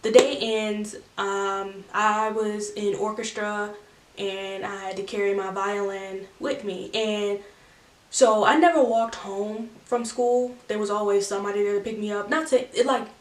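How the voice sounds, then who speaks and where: A woman's voice: mid-range voice, steady tone, measured pace, distant mic. A young adult woman telling a storytime in a chatty way, full of "like" fillers and restarts. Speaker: vlogger. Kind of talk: casual storytime. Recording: roomy echo, from the mic.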